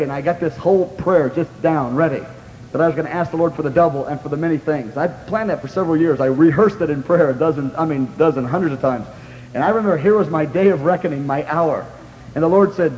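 A man preaching a sermon and telling a story in an earnest, halting way, full of restarts, at times shouting as he re-enacts it. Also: a little high. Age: young adult. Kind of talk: sermon testimony. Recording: echoey hall with faint hum.

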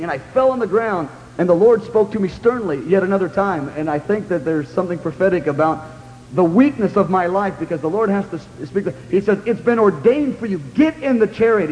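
A man with a high voice tells his story to a congregation in earnest, halting bursts. He stops and restarts his sentences and breaks into shouts at the peaks. The sound rings through a reverberant hall over a faint hum. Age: young adult. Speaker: preacher. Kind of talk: sermon testimony.

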